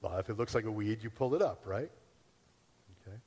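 A man's voice: on the low side, animated, a little fast, darkish tone, breathy edge, in a large hall. A man pastor giving a conversational sermon, acting out the questions people ask themselves. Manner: conversational preaching with acted-out inner questions.

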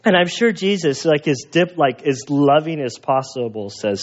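A man preaching a sermon in a lively, animated way, acting out the voices of people in the story. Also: fairly high pitch, normal speed, muffled recording. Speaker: pastor.

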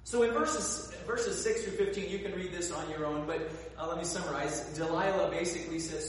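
Animated preacher in an echoing hall. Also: male voice, high-pitched, a little fast, hardly any pauses, a little hiss or hum. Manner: animated storytelling, acts out characters. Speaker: pastor. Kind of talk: sermon. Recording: echoey hall, voice from far off.

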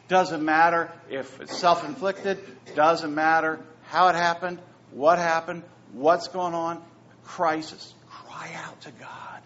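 A pastor preaching a sermon, swinging between hushed, near-whispered phrases and loud, emphatic repetitions. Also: male voice, on the high side, measured pace, slight background noise. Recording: dull lo-fi sound with faint ambience.

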